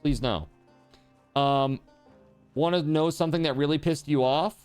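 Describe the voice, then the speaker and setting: Soft background music accompanies a man streaming a video game, whose slightly high, smooth, darkish voice moves at a measured pace as he casually chats with and teases his viewers during play.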